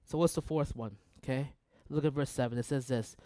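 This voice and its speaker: A young man preaching a sermon as pastor, animated and playful, acting out the voices of people he quotes. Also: medium pitch, a little fast, hardly any pauses, dry recording.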